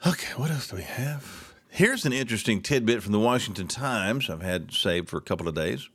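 A man's voice: lowish voice, lively intonation, brisk, fairly bright tone. A middle-aged man hosting a solo talk show, ranting with sarcastic indignation.

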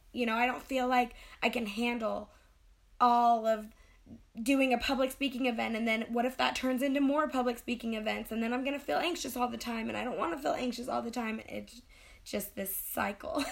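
Candid higher-voiced woman podcast co-host. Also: vocal fry. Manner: candid, self-doubting, rambling. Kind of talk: casual personal chat.

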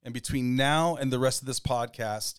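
A man co-hosting a podcast in casual chat, rambling and relaxed with plenty of fillers. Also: medium pitch, normal speed, smooth. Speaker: podcast co-host.

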